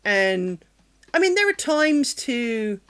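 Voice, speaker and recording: A woman's voice: on the high side, very animated, slow pace, fairly bright tone. A British woman streaming her craft work, chatting candidly and rambling, with a self-deprecating streak and the odd swear word. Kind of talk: casual chat. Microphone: streaming mic.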